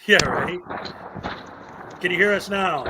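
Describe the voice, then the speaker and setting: A man's voice: high-pitched, slow, a little hiss or hum. A man co-hosting a casual livestream over a call, laughing a lot and cheering his partner on. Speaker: co-host on a stream call. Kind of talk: casual live-stream chat.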